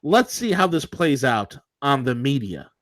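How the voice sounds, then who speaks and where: A combative, sarcastic man co-hosting a political talk show. He rants in a middle-pitched voice, and the studio sound is dry and close. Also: very animated, unhurried, no echo.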